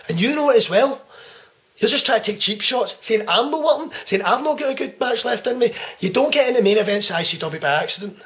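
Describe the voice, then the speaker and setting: A young Scottish man in his twenties with a fairly high voice cuts a trash-talking wrestling promo. He taunts and swears freely, jumping between loud jabs and quiet, hushed menace. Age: 20s. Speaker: pro wrestler.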